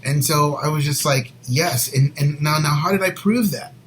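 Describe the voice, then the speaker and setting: A man co-hosting a Christian show, sharing a personal faith story in an earnest, rambling way and sometimes dropping to a soft near whisper. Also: on the high side, moderate pace, a little hiss or hum, poor audio. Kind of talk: personal faith testimony, casual chat.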